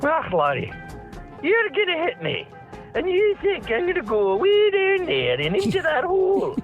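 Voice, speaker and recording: Scornful Scottish golf ball, squawky and shrill, swinging wildly up and down, drawn out. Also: male voice, wildly swooping pitch, unhurried, narrow, tinny audio, music in the background, heavily acted. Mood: scornful taunting. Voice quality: high, squawky cartoonish voice. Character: cranky Scottish-accented talking golf ball. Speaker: caller. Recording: phone voicemail message.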